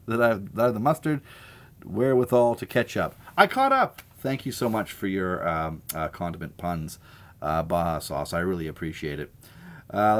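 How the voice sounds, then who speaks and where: Low-voiced chatty man. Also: a little mellow. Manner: chatty, opinionated and enthusiastic about food. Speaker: host of a live sandwich stream. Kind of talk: casual live-stream chat answering viewer comments.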